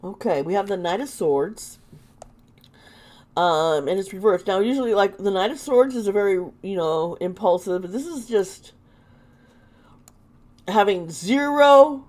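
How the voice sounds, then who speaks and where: A woman with a sore throat doing a casual tarot reading, halting and exclaiming as she turns the cards. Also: mid-range voice, expressive, warm tone. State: sore throat, lozenge in mouth. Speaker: tarot reader and channel host.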